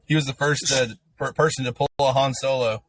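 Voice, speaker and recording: Husky-voiced easygoing podcast man. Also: medium pitch, level tone, fairly quick, no echo, poor audio. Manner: brief, easygoing interjections. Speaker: podcast co-host. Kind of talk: casual chat.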